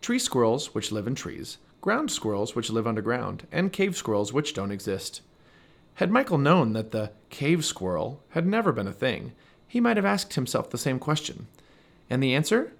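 A man reading a children's chapter book aloud with expressive, animated storytelling. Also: mid-range voice, moderate pace, creaky. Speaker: storybook reader.

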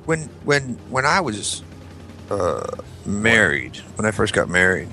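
A man with a bright, mid-pitched voice tells a blunt story on a casual podcast. He swears and repeats phrases to hammer his point home. Faint music plays underneath. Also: sing-song, slow. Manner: blunt, profane, repeats himself. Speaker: podcast regular.

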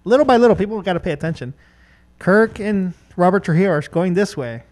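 A man's voice: high-pitched, expressive, darkish tone. A man co-hosting a podcast, chatting casually and joking around. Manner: jokey, quick to laugh. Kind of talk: casual chat.

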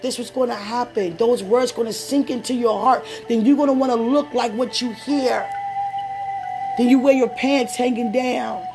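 A woman's sermon unfolds like a conversation, full of her own stories and laughing side comments, with a slower, gentler pace for prayer. Her voice leans high and is heard over music.

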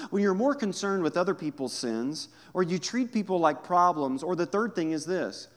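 Male pastor, mid-high voice, chatty humorous sermon delivery, quiet asides and punchy emphasis. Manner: conversational and humorous, swinging from hushed to emphatic.

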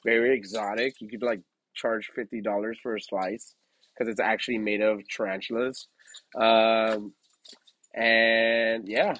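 A man's voice: on the low side, fairly even intonation, a little slow, a bit bright, poor audio. A young man casually telling a story for his podcast, rambling with lots of fillers, restarts and swearing. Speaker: podcast host.

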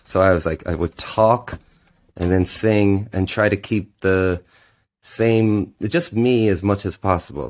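A male musician talks as a guest on a podcast in a loose, rambling way, often restarting his sentences. His voice sits somewhat low. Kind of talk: casual chat.

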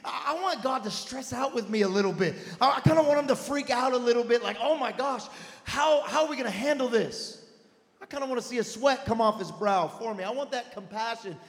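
High-voiced pastor preaching in a big hall. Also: male voice, fast talker, hardly any pauses. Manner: acts out Bible scenes in chatty modern voices, builds to shouting. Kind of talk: sermon. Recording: long hall reverb.

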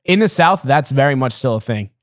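A man's voice: medium pitch, lively intonation, fairly quick, no room sound, clean studio sound. A man from Rhode Island chatting casually about a film, retelling scenes and acting out lines. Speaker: podcast co-host. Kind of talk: casual movie discussion.

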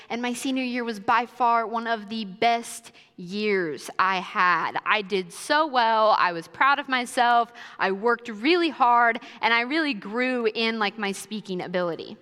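Young woman, higher voice, smooth, casual chatty sermon, personal stories, reverberant church hall. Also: bright, forceful tone. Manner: casual and chatty, many fillers like 'kinda' and 'like'. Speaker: church speaker. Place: church auditorium.

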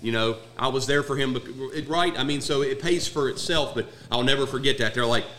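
Male ex-Marine with a bright, forceful voice, telling profane stories, with a faint noise in the background. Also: mid-range voice, a little fast. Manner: profane, laid-back storyteller. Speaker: former Marine platoon sergeant. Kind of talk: casual storytelling chat.

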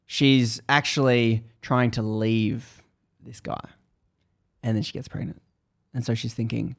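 A man's voice: medium pitch, steady tone, unhurried, gravelly. A man hosting a podcast, casually retelling a book's story in a loose, rambling way with many restarts.

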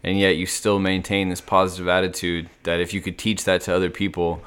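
Male host, very deep and smooth voice, easygoing interviewer, swears casually. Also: completely flat delivery, a little fast, fairly bright tone. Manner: laid-back, supportive, casually profane.

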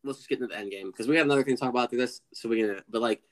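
Male podcast co-host, mid-pitched, opinionated and chatty. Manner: opinionated, chatty, quotes characters in quick asides. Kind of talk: casual film discussion.

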